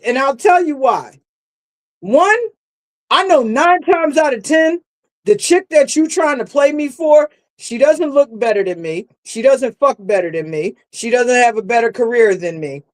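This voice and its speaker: A woman's voice: high voice, poor audio. Blunt confident woman guest. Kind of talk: casual chat.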